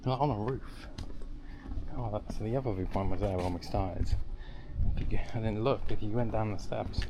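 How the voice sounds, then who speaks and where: A young man with a fairly low voice talks casually to camera while walking around outdoors. His chat rambles from one sight to the next, with joking asides thrown in. Faint outdoor noise sits behind him. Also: normal speed. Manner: chatty, rambling, jokey asides. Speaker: travel vlogger. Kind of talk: casual travel vlog narration. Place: outdoors at hilltop villages and viewpoints.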